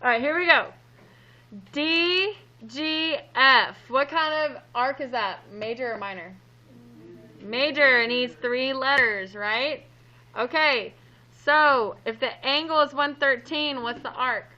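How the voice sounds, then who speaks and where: Bright, playful woman teaching a class. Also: high voice, takes it slowly, highs cut off. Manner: playful, upbeat, jokes with students. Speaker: math teacher. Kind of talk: classroom lesson.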